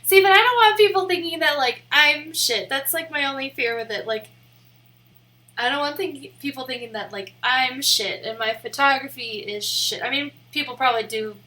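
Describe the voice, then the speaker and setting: A woman's voice: high voice, normal speed, bright, forceful tone. A young woman streaming live, rambling in a casual, giggly way with lots of "like" fillers. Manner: rambling and giggly, heavy use of "like".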